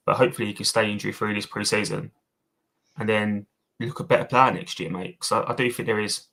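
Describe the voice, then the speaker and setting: Husky, forceful man, matey. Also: lowish voice, quick pace. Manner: blunt, matey, swearing, says mate a lot. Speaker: podcast co-host giving opinions. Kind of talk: casual fan podcast chat.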